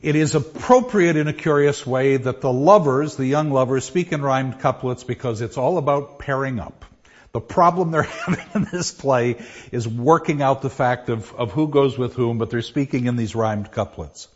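A man teaching a class, explaining verse and reading lines aloud with pauses. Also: medium pitch. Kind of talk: classroom lecture. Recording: dull lo-fi classroom recording.

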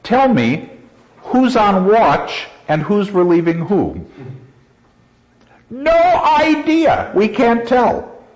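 A male teacher lecturing in a classroom, his fairly high voice swinging up and down as he laughs and acts out quoted lines. The recording sounds dull and lo-fi, as if taped in class. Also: big pitch swings, extremely slow, long pauses. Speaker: literature teacher.

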